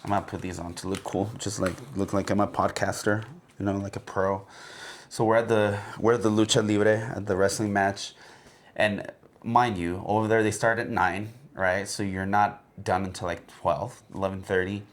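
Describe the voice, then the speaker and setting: Lower-voiced man telling a rambling story. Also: fairly even intonation, moderate pace. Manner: rambling storyteller with many fillers. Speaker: podcast co-host. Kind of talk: casual chat, anecdote.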